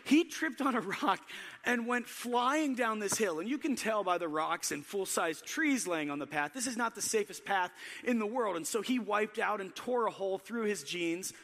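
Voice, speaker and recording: High-voiced bright pastor in a hall. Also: male voice, moderate pace. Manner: storytelling, self-deprecating, animated. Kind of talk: sermon.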